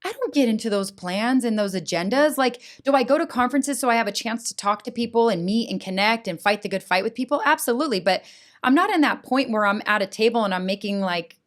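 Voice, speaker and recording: A middle-aged woman speaks as a podcast guest, recounting personal experiences with earnest feeling. She talks in an animated way, checking in with her listener with a frequent "right?". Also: a little high, fast talker. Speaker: school board president, guest. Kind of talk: emotional personal testimony in a podcast interview.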